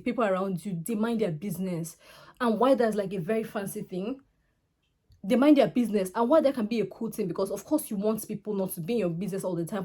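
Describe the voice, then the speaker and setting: A young Nigerian woman with a Nigerian accent talks straight to camera, frank and conversational. Her voice is husky and mellow, and she speaks fast, piling on asides. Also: mid-range voice. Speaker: YouTuber. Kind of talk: casual talk to camera.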